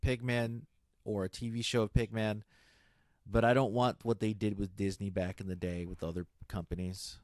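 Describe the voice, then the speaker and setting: A man's voice: fairly low pitch, level tone, moderate pace, a little mellow, dry recording. A man in casual chat, rambling with lots of fillers and restarts. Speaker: guest on a comic stream.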